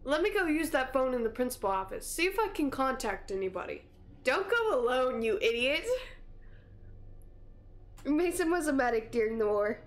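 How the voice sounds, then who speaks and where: A woman's voice: high-pitched, big pitch swings, fast, few pauses. A woman gaming streamer reading game dialogue aloud with playful giggles.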